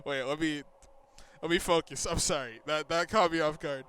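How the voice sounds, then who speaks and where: A man doing gameplay commentary, reading game dialogue aloud and reacting excitably, swearing and laughing. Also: on the high side, normal speed, a little hiss or hum. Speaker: let's-play gamer. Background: faint game music.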